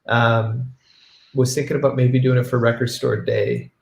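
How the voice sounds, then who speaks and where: A man hosting a casual livestream, relaxed and reading viewer questions aloud. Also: medium pitch, normal speed, creaky, roomy sound. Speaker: band member hosting a livestream.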